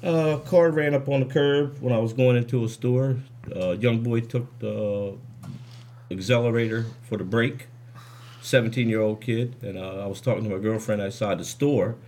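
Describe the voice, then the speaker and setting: A man's voice: medium pitch, fairly even intonation, normal speed, a little mellow, a little hiss or hum. Laid-back male drummer telling a story. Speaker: band drummer, guest. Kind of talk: casual storytelling in interview.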